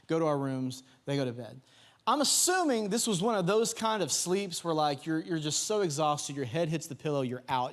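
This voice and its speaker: A young man preaches from a church stage with a slightly high voice. He tells stories in an animated way, acting out the voices and shouting out the quotes. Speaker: pastor. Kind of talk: sermon. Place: church sanctuary.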